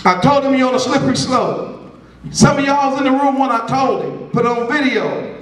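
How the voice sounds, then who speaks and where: High, drawling preacher in an echoey room. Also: male voice, moderate pace, recorded from a distance. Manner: call-and-response preaching, swells to shouts. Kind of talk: sermon. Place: congregation room.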